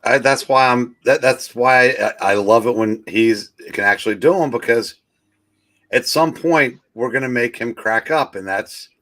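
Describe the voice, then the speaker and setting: Bright-toned man jumping into a chat. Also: medium pitch, a little slow. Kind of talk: casual live stream chat.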